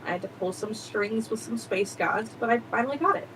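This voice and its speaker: A woman voicing a winged being who proudly reveals a gift in steady, grand tones. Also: on the high side, fairly quick, slight background noise, close to an everyday voice, rough recording.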